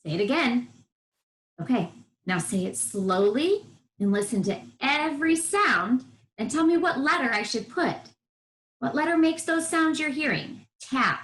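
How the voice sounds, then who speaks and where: A woman's voice: sits high, expressive, unhurried, a bit bright. A woman teaching first grade to young children on a televised lesson, encouraging and sounding out letters in a sing-song way. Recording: roomy echo.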